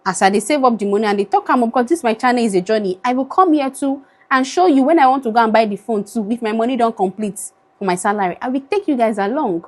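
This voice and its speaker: A woman's voice: fairly high pitch, fast talker, hardly any pauses. A young Nigerian woman with a Nigerian accent, pleading wearily into her phone camera in an emotional vlog, slipping into Pidgin now and then. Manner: pleading, weary, switches into Pidgin. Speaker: vlogger.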